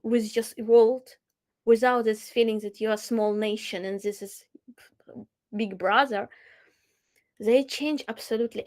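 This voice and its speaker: A Ukrainian musician speaking English as a second language in a casual discussion, often searching for words and restarting. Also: female voice, fairly high pitch, darkish tone. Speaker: musician and guest.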